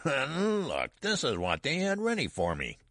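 A man voicing a shrill, demanding old man in a storybook reading, complaining in a querulous, cackling way. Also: wildly swooping pitch, measured pace, a bit bright, no echo, clean studio sound, full character voice. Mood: peevish. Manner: peevish, cackling. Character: cranky newborn-sized old man, demanding.

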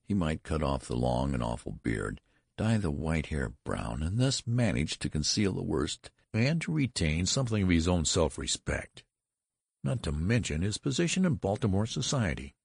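A very deep-voiced narrator reads a story aloud in a measured, wry manner. His gravelly, husky voice moves in pitch in a lively way, captured in a dry, close recording.

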